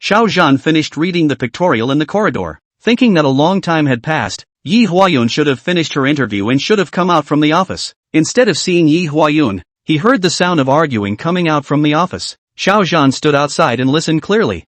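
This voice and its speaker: Brief: male narrator, dramatic storybook recap, close dry sound, lively pitch. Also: brisk, few pauses, dry recording.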